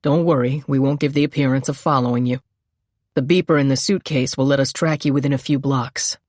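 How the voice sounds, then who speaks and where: A woman narrator voicing a steely male agent who speaks crisply and in a businesslike way. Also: medium pitch, fairly even intonation, a little fast, no room sound, clean studio sound, natural voice.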